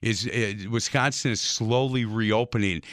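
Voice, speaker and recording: A man's voice: on the low side, measured pace, no room sound. Man, sports radio host, chatty storyteller, dry studio sound. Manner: chatty storyteller, animated anecdotes.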